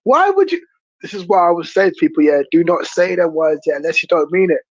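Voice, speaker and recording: A woman's voice: lowish voice, lively intonation, fast, no echo, highs cut off. A woman hosting a stream, reacting in casual chat in a blunt, incredulous, swearing manner. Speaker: stream host.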